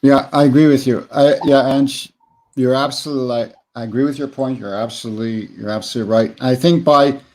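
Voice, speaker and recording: A man speaking as a podcast guest, agreeable and halting. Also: medium pitch, fairly even intonation, darkish tone, rough recording. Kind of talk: casual panel discussion.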